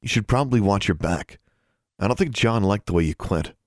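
A furtive teenage boy confiding in a hush, as a man reads him. The voice stays close to a man's own low, dry tone, with a lively lilt. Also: a little fast, no room sound, close to an everyday voice. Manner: hushed, furtive. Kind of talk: audiobook character voice.

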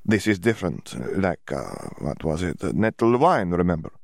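Man playing an awkward young foreign wizard, halting broken English, stammering, searching for words. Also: sits low, big pitch swings, gravelly, no room sound, studio quality, heavily acted. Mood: cheerful.

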